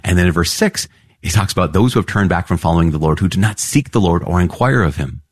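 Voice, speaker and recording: A man with a low, slightly husky voice walks listeners through scripture in an easygoing, conversational way. He chuckles often and his voice leaps upward when he feigns surprise. The recording is dry and close. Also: expressive, fast talker, no room sound. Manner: conversational, laughs often, rises in pitch for mock surprise. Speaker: Bible teacher. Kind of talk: casual Bible study commentary.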